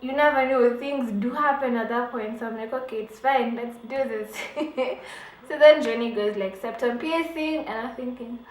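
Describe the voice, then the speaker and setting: Lively woman telling a story. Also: a little high, normal speed. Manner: animated, dramatic retelling with laughs and acted-out quotes. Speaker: beauty vlogger. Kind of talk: storytelling vlog. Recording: echoey room, faint background hum.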